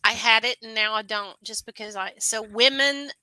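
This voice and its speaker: A woman's voice: on the high side, normal speed, bright, forceful tone, dry recording, poor audio. A woman co-hosting a casual live stream, teasing her partner and laughing often.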